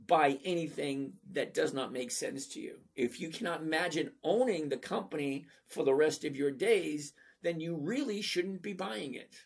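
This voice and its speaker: A man's voice: a little high, gravelly, slightly rough. A man in his fifties hosting a casual live stream, chatty and jokey as he greets viewers one by one and teaches investing.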